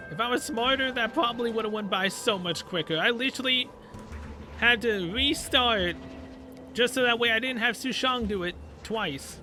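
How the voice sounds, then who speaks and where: A young man doing let's play commentary, ranting in exasperation and mocking a puzzle sarcastically. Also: high-pitched. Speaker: gamer playing through a story game. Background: game music.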